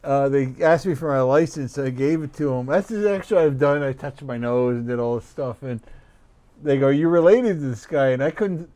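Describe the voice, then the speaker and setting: A man's voice: medium pitch, moderate pace, a little mellow. A man co-hosting a podcast in casual chat, rambling through anecdotes and chuckling at himself. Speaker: podcast co-host.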